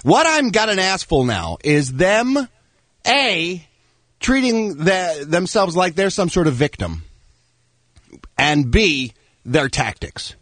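A man's voice: high-pitched, very animated, slow, fairly bright tone, no echo. A man hosting a radio talk show, ranting and mocking with sarcasm.

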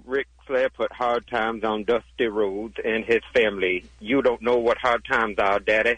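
A man's voice: lowish voice, fairly even intonation, measured pace, a bit bright, low-quality recording. A man calling in to a radio show and doing a drawling impression. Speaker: caller.

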